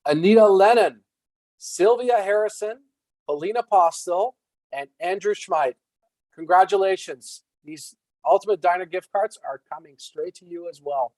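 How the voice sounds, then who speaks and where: Event host, male, friendly and relaxed, fairly high voice, dry close sound. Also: normal speed, no room sound, rough recording. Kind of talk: hosting an online event.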